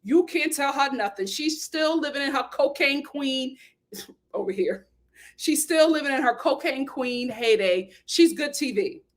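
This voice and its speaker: High-voiced woman hosting a gossip vlog. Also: a little slow. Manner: emphatic, animated, acts out quotes. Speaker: host. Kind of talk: casual reality TV commentary.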